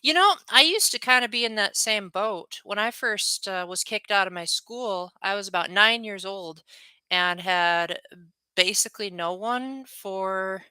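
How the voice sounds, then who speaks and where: A young man talks casually to his stream viewers, rambling from one thought to the next in a friendly way. His voice is bright and smooth, on the high side for a man. The sound is close and dry. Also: measured pace, no echo. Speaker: livestreamer. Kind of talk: casual livestream chat with viewers.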